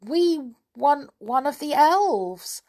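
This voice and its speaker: A woman's voice: high-pitched, lively intonation, drawn-out words, mellow, voice pushed up, full character voice. A woman voicing a bold, determined young boy in a storybook reading. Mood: firm. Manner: firm, leading.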